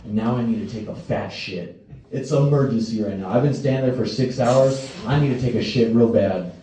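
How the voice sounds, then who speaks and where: A man's voice: medium pitch, brisk, mellow, slight background noise. A young man doing a stand-up set, telling crude, profane stories and acting out the voices of people in them. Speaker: stand-up comedian. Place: comedy stage before a live audience. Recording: distant, roomy live stage sound.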